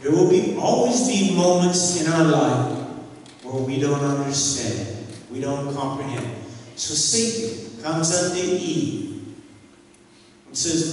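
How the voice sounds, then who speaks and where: A man's voice: fairly high pitch, takes it slowly, darkish tone. A middle-aged man preaching a sermon as pastor, emphatic and conversational, often tossing out rhetorical questions to his congregation. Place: church sanctuary. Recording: echoey hall, distant mic, faint noise.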